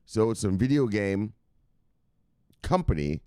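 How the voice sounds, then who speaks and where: A man with a lowish voice that swings widely up and down, chatting casually as host of a livestream. He rambles, curses without a second thought and shouts quick catchphrase goodbyes, and the sound is close and dry, with no room around it. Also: very animated, clear, resonant tone, no room sound. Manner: profane, rambling, loud catchphrase sign-offs. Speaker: host of a cryptocurrency news livestream.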